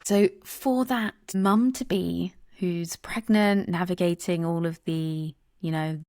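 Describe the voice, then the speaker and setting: A woman's voice: on the low side, slow pace. A woman hosting a podcast, talking openly in a casual, emphatic way. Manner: open, emphatic, animated storyteller. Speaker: podcast host. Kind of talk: casual conversational interview.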